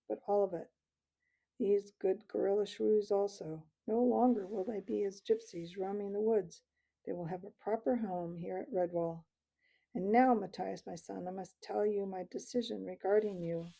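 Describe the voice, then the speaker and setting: A woman reading the part of a dying old male abbot mouse, speaking slowly and tenderly. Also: medium pitch, gravelly, dark tone, lo-fi sound. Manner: slow, tender, fatherly.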